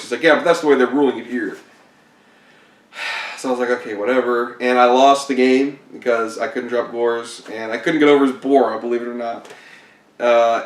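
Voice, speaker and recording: A man's voice: mid-range voice, a bit bright. Laid-back guy telling a story, laughs a lot, kinda far off the mic in an echoey room. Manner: laid-back, self-deprecating, laughs often. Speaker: competitive card game player. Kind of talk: casual storytelling interview. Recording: roomy echo, mic at a distance.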